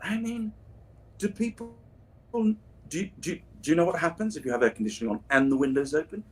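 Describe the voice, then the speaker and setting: A man's voice: on the high side, lively intonation, a little fast, darkish tone, slight background noise. A voice actor chatting casually on a livestream while signing prints, drifting through anecdotes and restarting his sentences. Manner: rambling, anecdotal, many restarts and asides.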